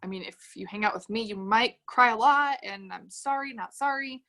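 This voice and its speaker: A woman's voice: on the high side, normal speed, a bit bright. A woman leading a sales team on a livestream, giving an upbeat motivational talk and reading comments from the chat aloud. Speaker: direct-sales team leader.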